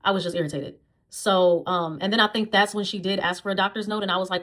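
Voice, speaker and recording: A woman's voice: on the low side, rapid-fire, fairly bright tone. A woman, a dog groomer, telling a blunt, profane storytime vlog about her old job.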